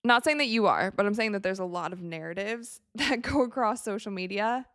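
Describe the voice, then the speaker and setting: A young woman from the United States hosting a live watch party, chatting casually with viewers and reacting excitably to the game. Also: medium pitch, brisk, no echo, studio quality. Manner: chatty, excitable, reads viewer messages aloud. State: tired, yawning.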